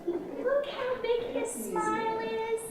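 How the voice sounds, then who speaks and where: A woman's voice: very high-pitched, steady tone, slow pace, crowd noise. A woman librarian reading a picture book to young children in a coaxing, sing-song, teacherly way. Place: library program room. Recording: echoey room, from far off, children around.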